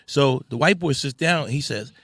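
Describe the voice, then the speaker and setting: A man's voice: medium pitch, normal speed, breathy edge, no echo, studio quality. A comedian in his fifties telling a story in casual talk, acting out what people said. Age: 50s. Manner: animated storyteller acting out quotes. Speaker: stand-up comedian.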